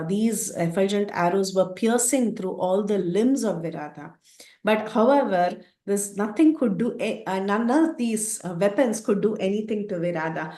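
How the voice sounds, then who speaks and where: A woman teaching by retelling an epic story in an animated way, with frequent fillers. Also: mid-range voice, echoey room. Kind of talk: storytelling lecture.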